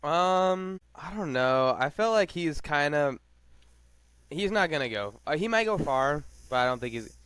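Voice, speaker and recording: A man's voice: on the high side, animated, a little slow, a bit bright, clean tone, dry recording. A man co-hosting a podcast in casual chat, rambling with lots of fillers and laughing. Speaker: podcast co-host.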